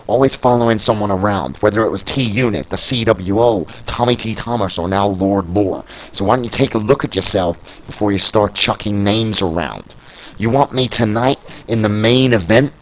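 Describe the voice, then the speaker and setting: A man's voice: lowish voice, normal speed, a little hiss or hum, natural voice, poor audio. A man reading out a cocky wrestler's trash talk. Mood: boastful. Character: cocky male wrestler taunting a rival.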